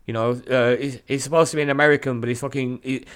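A man co-hosting a casual podcast, excitable, laughing often and swearing freely. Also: medium pitch, fast, smooth. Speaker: podcast co-host.

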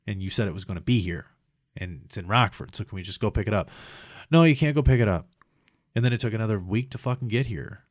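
Man, low-pitched, dry close sound, rambling profane anecdote teller. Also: fast, no room sound. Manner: profane, animated retelling with quoted voices. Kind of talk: casual storytelling chat.

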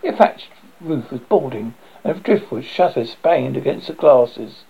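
A man reading his own book aloud in the first person, theatrical and lively, with sudden loud exclamations. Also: mid-range voice, a little slow, gravelly, slightly rough. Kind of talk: first-person storybook narration. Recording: dull lo-fi audiobook recording.

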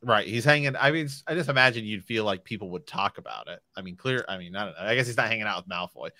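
Brief: male co-host, bright and forceful, animated, reads passages aloud. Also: lowish voice, fast talker, dry recording, studio quality. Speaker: podcast co-host. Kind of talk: casual book discussion and reading aloud.

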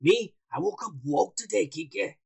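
A high-pitched man with a gravelly, husky voice, hosting a podcast. He tells crude stories loudly, full of profanity. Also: expressive, measured pace. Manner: loud, crude storytelling. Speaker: podcast host. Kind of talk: profane casual banter.

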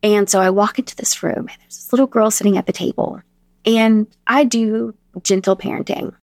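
A woman in her thirties, a podcast guest telling stories in a casual, animated way and acting out the dialogue she quotes. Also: mid-range voice, moderate pace, no room sound, clean studio sound. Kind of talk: casual storytelling interview.

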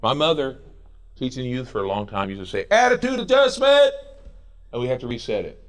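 A middle-aged man preaching a sermon as pastor in a church, animated and jokey, with quoted voices and bits of song. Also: medium pitch, fast talker. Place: church sanctuary.

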